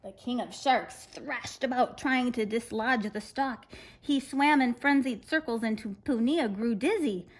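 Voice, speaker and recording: Woman, children's storyteller, folktale reading, expressive, unhurried. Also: on the high side, rough recording.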